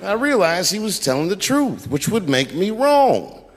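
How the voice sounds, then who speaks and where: A male comedian works a large theater stage with a handheld mic, spinning a profane, chatty story toward its punchlines. His voice sits a little high and leaps up and down with lively swings. A long hall reverb trails every phrase. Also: measured pace, slight background noise. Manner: profane, conversational, building stories to punchlines. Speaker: stand-up comedian. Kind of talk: stand-up storytelling.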